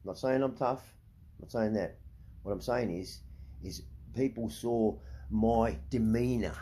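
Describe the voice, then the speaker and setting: A man's voice: on the low side, unhurried, dark tone, slight background noise. A middle-aged Australian man ranting to camera, blunt and profane, repeatedly asking "right?" as he talks. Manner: heated, indignant. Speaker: vlogger.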